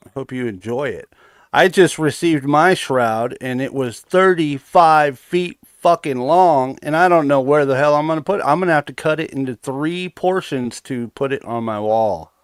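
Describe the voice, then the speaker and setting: A man's voice: fairly high pitch, normal speed, clear, resonant tone, dry recording, studio quality. A man hosting a casual stream, cursing freely, joking and reading viewer comments aloud. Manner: profane, joking, reads chat aloud. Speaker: host.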